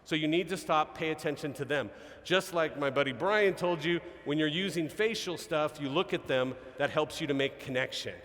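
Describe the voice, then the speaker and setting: A man giving an energetic live seminar talk as a sales trainer, peppering his points with "okay?" and "right?". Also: fairly high pitch, moderate pace. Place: large event hall. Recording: reverberant event hall.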